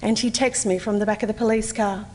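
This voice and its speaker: An Australian woman in her forties gives a measured, earnest personal testimony at a conference, with slow, deliberate pauses. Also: mid-range voice, fairly even intonation, darkish tone, big-room sound. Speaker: conference speaker. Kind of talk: personal testimony, read aloud. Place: conference hall.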